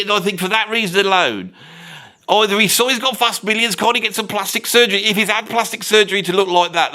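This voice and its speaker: A man doing a brash Brummie bloke who rants and brags about rock stars, blunt and loud-mouthed with a Birmingham accent. His voice sits fairly high and rings out bright and forceful, and he swears through every comic story. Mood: mocking. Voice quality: swears constantly, blunt and boastful. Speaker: comic character host. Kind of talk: comedic rant monologue.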